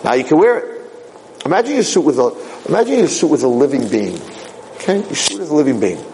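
Casual rabbi-lecturer, lively ups and downs, faint room hum. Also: male voice, on the high side. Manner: animated storyteller, quick asides. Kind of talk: casual Torah talk.

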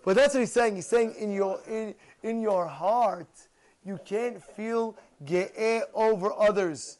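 A rabbi tells stories in a lively Torah talk, his voice sitting strikingly high for a man. He repeats phrases for emphasis and drops Hebrew terms into his English. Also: slow, low-quality recording.

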